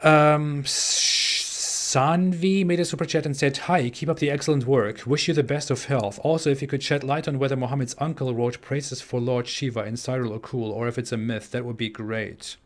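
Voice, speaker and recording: A man in his twenties with a German accent, hosting a live stream and reading out viewer super chats, talking in a halting way with many fillers and restarts. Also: mid-range voice, steady tone. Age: 20s. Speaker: livestream host. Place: home in the US Midwest.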